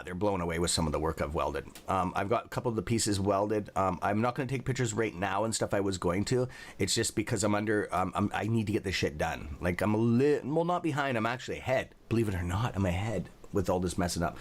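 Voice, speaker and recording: A man hosting a livestream, telling rambling stories with a lot of profanity. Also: on the low side. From Canada. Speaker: livestream host. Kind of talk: casual livestream chat.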